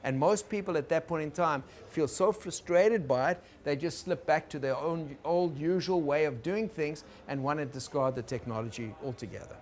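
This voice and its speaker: Gentle man giving a lecture. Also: fairly high pitch, normal speed, hardly any pauses. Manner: gentle, explaining, checks in with listeners. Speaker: teacher on conflict work. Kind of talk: recorded lecture.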